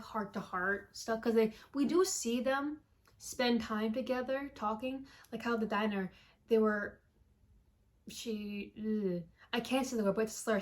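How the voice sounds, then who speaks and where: A woman giving a casual movie recap with lots of swearing, acting out characters' lines as she goes. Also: on the high side. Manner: animated, profane storytelling, acting out characters' lines.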